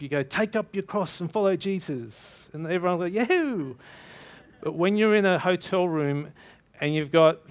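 A man preaching a sermon, telling a story with animated energy and acting out both sides of the dialogue. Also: on the high side.

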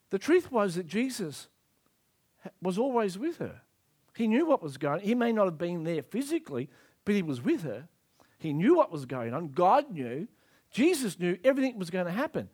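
A man's voice: high-pitched, sing-song, normal speed. A male preacher giving an emphatic sermon and acting out scripture scenes.

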